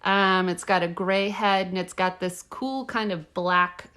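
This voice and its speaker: A woman co-hosting a casual podcast, reacting in an excitable, gushing way as she describes what she sees. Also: mid-range voice, a little slow, smooth. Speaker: podcast co-host.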